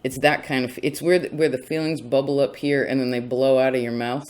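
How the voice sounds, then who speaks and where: A man's voice: medium pitch, little pitch movement, fairly quick, slight background noise. A man giving a casual tarot reading in a rambling, chatty way, often stopping himself mid-thought. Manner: rambling, chatty, self-interrupting. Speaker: tarot reader.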